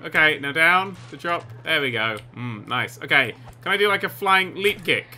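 Excitable bright-voiced gaming commentator man. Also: fairly high pitch, moderate pace, few pauses, slight background noise. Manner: excitable, sarcastic, swears. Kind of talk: let's play commentary.

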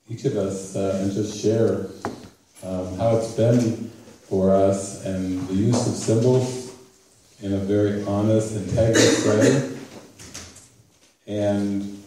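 A man leading a spiritual retreat session, speaking in a gentle, unhurried way with frequent chuckles. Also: fairly low pitch, slight background noise. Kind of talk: casual talk at a retreat. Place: retreat meeting room. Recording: echoey room, voice from far off.

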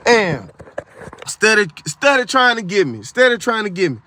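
A man's voice: high voice, very animated, moderate pace, bright, forceful tone, no echo. A man telling the story of a dream in a casual, emphatic testimony style, repeating himself for effect and dropping into preachy asides. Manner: casual colloquial speech. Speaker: video creator retelling a dream.

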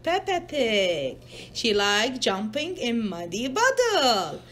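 A woman with a fairly high voice reads a picture book aloud to her child, slowly and patiently. She pauses often to coax answers out of the child, speaking simple non-native English. Her pitch swings widely as she acts out the story, with a faint hiss in the background. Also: sing-song, fairly bright tone. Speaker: parent reading to a child.

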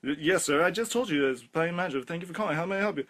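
A man's voice: fairly high pitch, rapid-fire, a bit bright, voice pushed up. A man playing a polite male toy-company customer service rep on a comedic phone call, stammering and overly courteous.

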